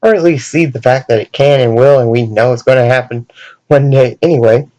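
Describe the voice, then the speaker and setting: A man's voice: medium pitch, fairly quick, darkish tone, dull audio. A man hosting a comedic commentary vlog, jokey and self-mocking, fond of puns. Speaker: video host.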